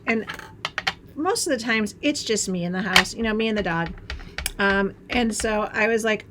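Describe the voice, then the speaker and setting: Demonstrating a craft hands-on, a bubbly middle-aged Wisconsin woman chats while she works and laughs at herself. Her voice sits mid-range at a moderate pace against a noisy background.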